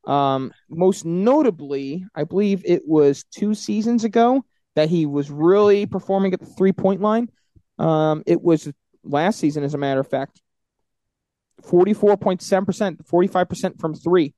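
A man's voice: sits high, moderate pace, dark tone, no room sound. A man co-hosting a sports podcast, talking stats and trades in loose, profane banter. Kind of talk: casual sports chat.

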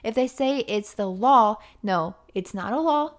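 A woman's voice: on the high side, lively intonation, a little slow. A young woman co-hosting a podcast, explaining points in a casual, matter-of-fact way. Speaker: podcast co-host. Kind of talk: casual chat.

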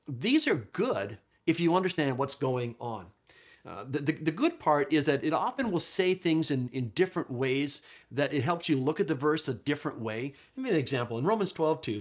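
Man lecturing with slow, stressed quotes. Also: mid-range voice. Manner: conversational, thinks aloud with many restarts and fillers; slows and stresses quoted verses. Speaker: lecturer on Bible translation. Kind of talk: classroom lecture.

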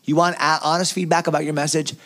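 Animated man asking rhetorical questions. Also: fairly high pitch, quick pace. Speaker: pastor. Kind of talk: round-table discussion on preaching.

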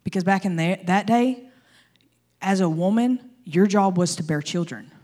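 Animated, humorous woman pastor. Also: fairly low pitch, moderate pace. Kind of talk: sermon.

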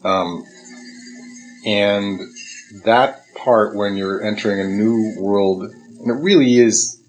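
A man with a fairly low voice co-hosts a casual podcast. He talks in loose, hesitant stretches full of ums and restarts. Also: slow pace, poor audio. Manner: rambling, hums tunes, hesitant with ums. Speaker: podcast co-host. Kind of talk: casual chat.

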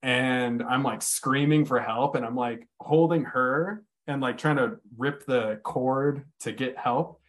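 A man's voice: medium pitch, slow, few pauses. Candid man telling a hard story. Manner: candid, swears freely, many "like" fillers. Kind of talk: casual storytelling chat.

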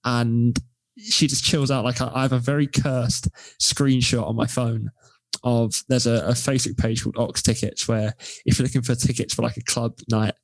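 A man, chatting casually as a university student co-host, relaxed and rambling with dry humor. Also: medium pitch, normal speed, no room sound. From England. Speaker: podcast co-host. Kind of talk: casual chat.

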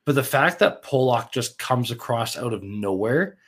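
Excitable man chatting about hockey. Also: medium pitch, moderate pace. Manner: excitable, swears, animated storytelling. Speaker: podcast co-host. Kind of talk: casual sports chat.

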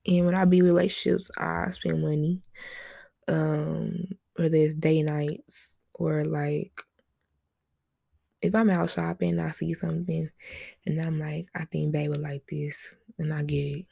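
A woman's voice: deep voice, little pitch movement, a little slow, creaky, warm tone, breathy edge, no room sound, studio quality. A young woman hosting a solo podcast, chatting casually with lots of slang, rambling asides and frequent laughs. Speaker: podcast host.

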